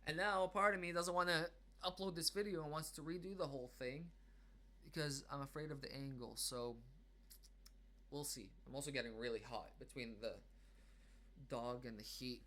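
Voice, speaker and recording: A man talks to his camera from home in a casual, meandering monologue. His pitch sits mid-range, and he trips over fillers and restarts as he thinks aloud. Self-conscious yet reflective, he settles into a gently reassuring tone. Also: moderate pace, a little hiss or hum. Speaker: vlogger. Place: at home indoors.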